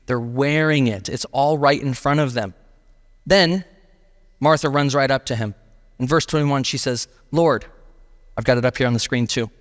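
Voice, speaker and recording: A man's voice: mid-range voice, big-room sound. A male pastor preaching a sermon in a casual, emphatic way, often saying "like". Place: church sanctuary.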